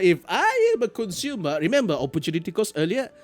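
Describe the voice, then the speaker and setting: Lively streamer. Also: medium pitch, fast talker, hardly any pauses. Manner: animated storytelling with frequent repeats and restarts. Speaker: live streamer. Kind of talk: casual chat explaining economics.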